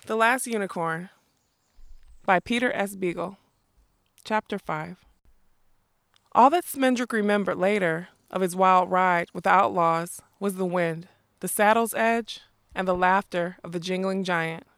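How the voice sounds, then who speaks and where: Woman reading a novel aloud; smooth with some fry, dry close mic. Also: on the low side, measured pace, no room sound. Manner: informal, relaxed delivery. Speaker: book club reader.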